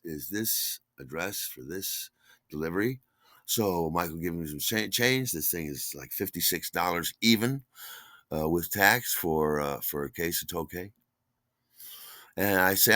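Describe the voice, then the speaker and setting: A man telling a personal story in a rambling, casual way, jumping into shouted voices when he quotes people. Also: low voice, no room sound. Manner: rambling, animated, acts out others' shouts. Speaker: podcast storyteller. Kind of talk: casual spoken memoir.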